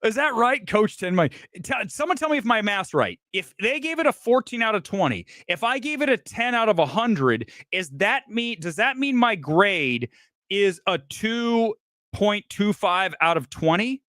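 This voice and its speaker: A man hosts a live movie review stream, swearing freely and breaking into helpless laughter. His voice is high and swings wildly up and down. The sound is dry and close. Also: normal speed, dry recording. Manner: laughing hard, profane and animated. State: crying with laughter.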